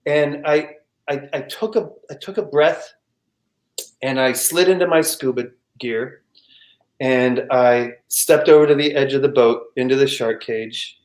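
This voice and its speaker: Animated man telling a story, echoey room. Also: mid-range voice, a little slow. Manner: animated, frequent restarts, vocal sound effects. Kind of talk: live personal storytelling.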